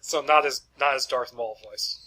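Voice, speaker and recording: A man's voice: medium pitch, moderate pace, a crowd in the background, rough recording. A man living in the American South, co-hosting a podcast in casual chat, laughing often and trailing off. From southern United States. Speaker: podcast co-host.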